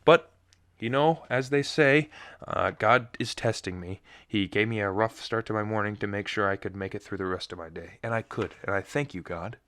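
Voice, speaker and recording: Young guy podcasting solo, goes off on tangents, pokes fun at himself, low smooth voice. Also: normal speed, a bit bright, dry recording. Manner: rambling, self-mocking storytelling with tangents. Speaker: podcast host. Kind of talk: casual solo chat.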